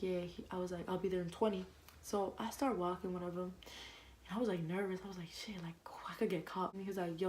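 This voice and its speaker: A young woman vlogger telling a casual storytime, fast and slangy, full of "like" and quoted back-and-forth. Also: lowish voice, a little mellow, a little hiss or hum, rough recording.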